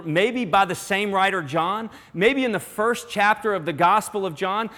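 A man preaching a sermon in earnest, dropping to a hush on some lines and rising to emphasis on others. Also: high-pitched, moderate pace, hardly any pauses. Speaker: pastor. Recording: long hall reverb.

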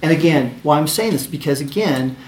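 A man's voice: fairly high pitch, lively intonation, fairly quick, reverberant. A man preaching a sermon, reading scripture aloud and talking it over in a conversational way, with frequent "right?" asides and restarts.

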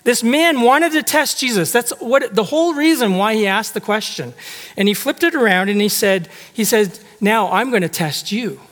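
A man's voice: very high voice, moderate pace, fairly bright tone. A man preaching a sermon in a church, talking conversationally and putting rhetorical questions to the congregation. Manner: acts out quoted speech with shifting tone. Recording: long hall reverb.

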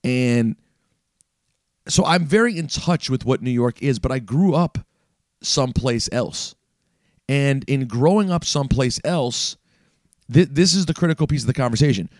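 A man's voice: medium pitch, lively intonation, moderate pace, long pauses, no room sound, clean studio sound. A man hosting a sports talk radio show, delivering an emphatic, opinionated monologue straight at his listeners. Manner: emphatic, ranting, addresses listeners directly.

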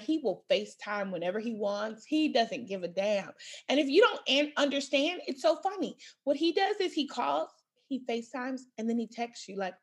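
A woman in her thirties chatting casually, telling stories in an animated way and laughing through her words. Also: on the high side, slightly rough. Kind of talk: casual chat.

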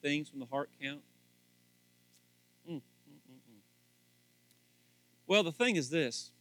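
A man preaching a sermon on marriage, swinging from quiet asides up to loud, fervent emphasis. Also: lively intonation, slow, no echo. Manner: rising to loud fervent emphasis, then dropping low; acts out little scenes in voices. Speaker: pastor.

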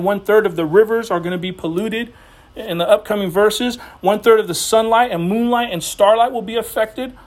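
Guy preaching, fired up, voice jumps up and down, breaks into fast little stories. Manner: impassioned, pitch swinging high and low, quick asides. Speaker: pastor. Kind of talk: sermon.

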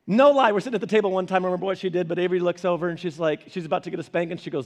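A male pastor with a high voice delivers a sermon through lively family anecdotes. He laughs in between and acts out the people in his stories. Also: rapid-fire, few pauses. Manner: animated storytelling, laughing asides.

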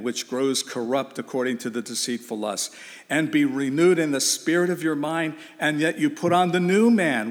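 A man's voice: medium pitch, big-room sound. A man preaching a sermon, asking his listeners rhetorical questions and repeating phrases for emphasis.

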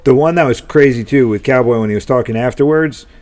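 A man's voice: mid-range voice, quick pace, darkish tone. A middle-aged man co-hosting a podcast, chatting casually and telling candid stories about his kids, swearing freely. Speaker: podcast co-host. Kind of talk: casual chat.

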